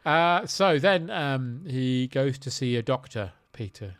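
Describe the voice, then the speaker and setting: A man's voice: medium pitch, expressive, takes it slowly. A man hosting a podcast, recapping a film in casual chat with dry, jokey asides. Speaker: podcast host.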